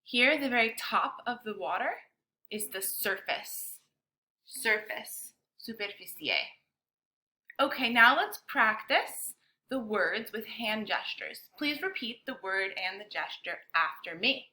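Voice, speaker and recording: A woman teacher leading a bilingual science lesson for children, speaking slowly and clearly with an encouraging classroom manner. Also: fairly high pitch, lively intonation, bright, forceful tone.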